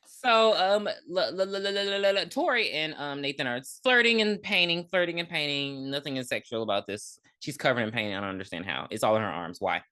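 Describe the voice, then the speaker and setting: A woman's voice: deep voice, animated, fairly quick, hardly any pauses, pushed and bright. A woman co-hosting a podcast, retelling a movie's plot in casual, profane chat. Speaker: podcast co-host.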